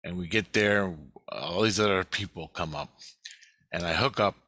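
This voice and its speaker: A man with a lowish voice tells a long story off the cuff, swearing freely as he rambles on. His tone is bright and forceful, and he keeps hammering his points home. The sound is close and dry, with no room around it. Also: normal speed, no room sound. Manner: profane, rambling, emphatic. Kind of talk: casual monologue recounting a dream.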